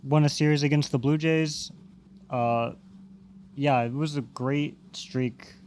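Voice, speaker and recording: A man's voice: fairly high pitch, steady tone, takes it slowly, a little mellow, clear, resonant tone. A man co-hosting a casual sports podcast, telling stories and teasing his friends in an easygoing way. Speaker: podcast co-host.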